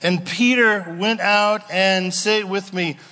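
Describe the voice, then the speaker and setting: A man preaching a sermon as pastor, animated and playful, acting out voices and asides. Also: sits high, slow pace. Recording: long hall reverb.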